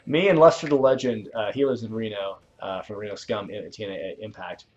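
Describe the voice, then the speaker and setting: A man's voice: fairly low pitch, fast, few pauses, a little mellow, faint music behind. A young adult male host rambling casually through a game livestream and answering viewer questions, over dull lo-fi audio. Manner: laid-back, rambling, chuckling. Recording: dull lo-fi stream mic.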